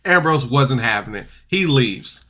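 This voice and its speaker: Man, podcast reviewer, casual recap, rambling, bright forceful voice. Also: mid-range voice, lively intonation, a little slow. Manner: rambling, loose, full of "like" and restarts.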